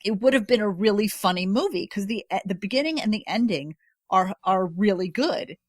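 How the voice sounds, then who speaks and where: A woman's voice: medium pitch, expressive, moderate pace, dry recording, clean studio sound. A woman as a podcast guest, chatting casually and emphatically. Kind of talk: casual chat.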